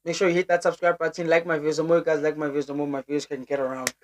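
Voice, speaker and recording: Animated young South African woman vlogger. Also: rapid-fire. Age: young adult. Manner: animated, urging, pitch leaps up high. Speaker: YouTuber. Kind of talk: casual vlog chat to viewers.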